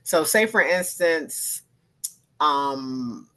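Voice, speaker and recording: Animated woman in her fifties. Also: low voice, extremely slow, poor audio. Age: 50s. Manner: animated, acts out quoted voices, laughs often. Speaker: arts organization founder, guest speaker. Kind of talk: candid panel conversation.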